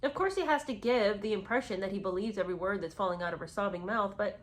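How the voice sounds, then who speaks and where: A woman's voice: mid-range voice, quick pace. A woman giving sarcastic, incredulous commentary while reading from a memoir. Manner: scornful, incredulous, emphatic.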